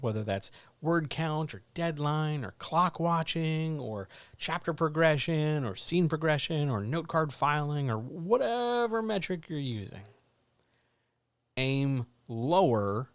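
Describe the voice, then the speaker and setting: A man hosting a live writers' Q&A stream, giving blunt, animated advice in a casual, jokey way. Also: medium pitch, no room sound.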